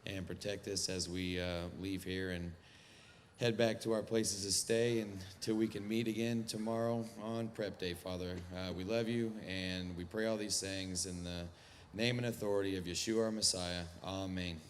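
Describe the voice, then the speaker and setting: A man leading a closing spoken prayer for a gathering in a large tent, halting, with many pauses. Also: low voice, fairly even intonation, in a large hall, a little hiss or hum.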